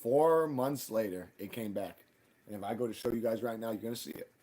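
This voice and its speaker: A man hosting a live stream, ranting in casual, profane talk and jumping loud and high when he quotes people. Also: fairly quick, noisy background. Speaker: livestream host.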